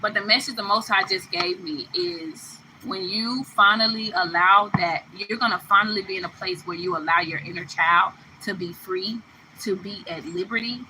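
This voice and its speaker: A woman's voice: mid-range voice, moderate pace, noisy background. A woman giving a spiritual tarot reading, talking emphatically to the listener, repeating phrases and laughing between them. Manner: addresses listener affectionately. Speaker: tarot card reader.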